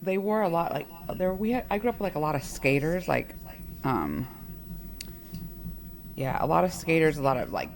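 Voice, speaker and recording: A woman's voice: low-pitched, sing-song, normal speed, long pauses, slight background noise. A woman co-hosting a podcast, chatting in a rambling way with lots of fillers. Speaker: podcast co-host. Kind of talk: casual chat.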